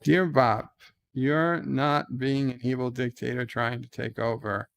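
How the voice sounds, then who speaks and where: A man with a slow, unhurried delivery and a gravelly edge to his voice. His tone stays smooth and clear as he answers viewer letters in a wry, deadpan way. This is a casual home live stream. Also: mid-range voice. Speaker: vlog host reading viewer letters. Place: home, indoors.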